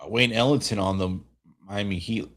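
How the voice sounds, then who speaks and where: Man, lowish voice, tired, casual fan commentary, rambling play calls. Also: moderate pace. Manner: relaxed, rambling calls with frequent self-corrections. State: tired, yawning. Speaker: streamer hosting a watch-along.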